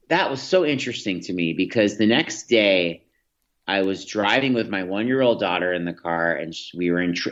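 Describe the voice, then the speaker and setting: A man's voice: fairly low pitch, a bit bright, lo-fi sound. A man, a podcast guest, telling reflective stories in an interview, with many restarts and fillers. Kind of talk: storytelling in an interview.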